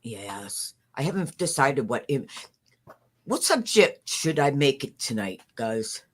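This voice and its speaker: An older woman calls in with a very low voice and a slow, unhurried pace. She is hesitant and stammers a little, but stays affectionate. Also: big pitch swings, breathy edge. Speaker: caller. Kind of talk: casual livestream call-in.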